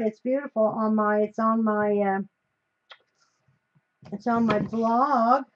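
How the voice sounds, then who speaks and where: A woman's voice: a little high, steady tone, slow, long pauses. A woman from the United States hosting a live stream while she crafts, talking in a chatty, rambling way that often trails off mid-sentence. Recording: slightly dull, faint hiss.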